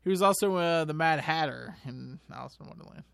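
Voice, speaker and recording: A man's voice: a little high, a little fast, gravelly, a bit bright, clean tone, no echo. A man co-hosting a podcast, joking and teasing in crude, casual banter. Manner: jokey, playful, teasing. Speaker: podcast co-host.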